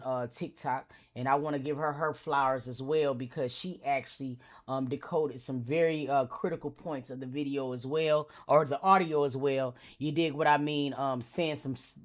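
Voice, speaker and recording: Slangy man hosting a stream. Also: medium pitch. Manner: animated, slangy, profane. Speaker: livestream host. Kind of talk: casual commentary on a news case.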